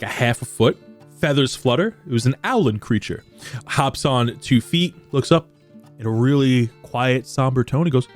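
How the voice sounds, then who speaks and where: A man narrating as game master of a tabletop game, describing scenes in a rambling, animated way. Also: mid-range voice.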